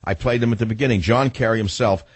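A man's voice: fairly low pitch, fast talker, breathy edge, no echo. An older man hosting a talk radio show, ranting sarcastically with mocking rhetorical questions. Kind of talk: combative talk radio monologue.

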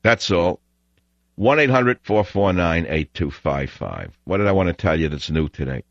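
A radio talk show host delivers a call-in monologue, ranting in a scornful, blunt manner. His voice sits low with big pitch swings and a moderate pace, captured on a studio broadcast microphone with no echo, giving dull, dry radio audio.

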